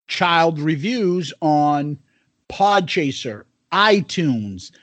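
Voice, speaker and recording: A man's voice: fairly high pitch, lively intonation, drawn-out words, a bit bright, slight background noise. A man co-hosting a podcast in loose, rambling casual chat full of fillers. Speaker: podcast co-host.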